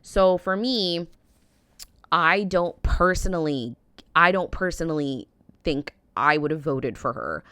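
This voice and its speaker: Slowly, in a low voice that sounds pushed, bright, and smooth, an American reaction vlogger in her thirties rambles through her casual opinions, constantly saying "like" and "um." No room sound is audible.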